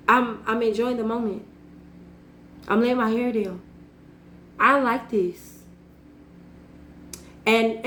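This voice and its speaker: Woman vlogging, slow and earnest, repeats herself a lot, kinda high voice, roomy echo. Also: fairly bright tone, slight background noise. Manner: earnest, repetitive phrasing, laughs at herself. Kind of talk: personal reflective monologue. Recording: echoey room.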